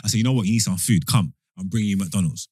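A man's voice: low voice, quick pace, husky, no echo, clean studio sound. A young man telling a story in casual chat among friends, acting out what people said. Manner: animated, acts out quoted lines.

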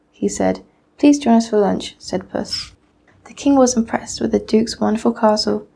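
A teenage girl, a student, reading a classic fairy tale aloud in a steady, measured way. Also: on the high side, vocal fry. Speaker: student reader. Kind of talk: storybook reading.

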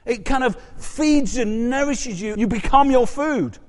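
High-voiced male preacher in reverberant hall. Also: measured pace. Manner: animated, rises and drops sharply, rhetorical questions. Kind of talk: sermon. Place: church hall.

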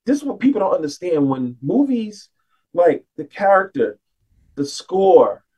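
A man's voice: high-pitched, big pitch swings, unhurried, dark tone, husky, distant mic, low-quality recording. Easygoing male podcast guest. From United States. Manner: loose, filler-heavy, heartfelt. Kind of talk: casual podcast chat.

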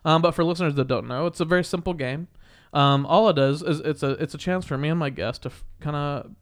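A man's voice: a little high, fast. A young man hosting a podcast, chatting casually with a guest in a rambling, jokey way. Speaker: podcast host. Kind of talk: casual chat.

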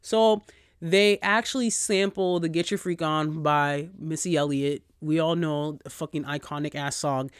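A man's voice: a little high, a little slow, smooth, no room sound, studio quality. A man hosting a casual solo podcast, ranting and telling stories with lots of swearing while he gets over a cold. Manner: profane, animated storyteller. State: recovering from a cold. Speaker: podcast host.

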